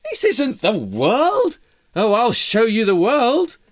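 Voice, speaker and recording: A narrator voicing a large female eagle who speaks in a calm, assured and measured way in a storybook tale. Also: mid-range voice, no room sound, studio quality, heavily acted.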